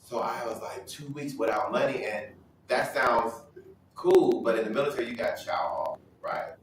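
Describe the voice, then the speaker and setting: A man sharing a personal testimony at a Bible study, telling his story in an animated way and acting out other people's voices. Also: mid-range voice, normal speed, very echoey, distant mic, slight background noise, low-quality recording. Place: church hall.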